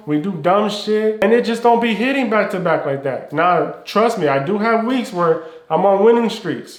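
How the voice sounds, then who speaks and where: A high-voiced man lectures traders in a blunt, insistent, preachy way. His coaching talk is slangy and direct. The room around him rings with a noticeable echo. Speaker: trading mentor. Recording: roomy echo.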